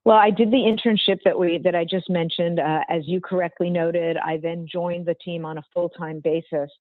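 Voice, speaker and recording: An older woman, a former football executive, telling an interview story in a measured, emphatic way with a strong voice. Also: fairly low pitch, steady tone, dry recording. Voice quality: strong, not dainty voice. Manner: measured, emphatic, precise phrasing. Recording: tinny phone-like remote line.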